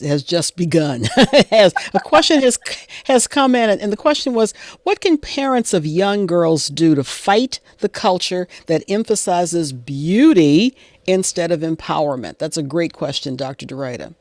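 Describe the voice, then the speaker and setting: A woman's voice: on the low side, lively intonation, a little slow, darkish tone, dry recording, clean studio sound. A woman moderating a panel on a video call, chatty, asking questions and reading out audience comments.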